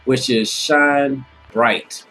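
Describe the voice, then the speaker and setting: A man's voice: medium pitch, fairly even intonation, drawn-out words, fairly bright tone, rough recording. A man co-hosting a casual relationship advice chat, talking in a motivational, preachy way and repeating lines for emphasis.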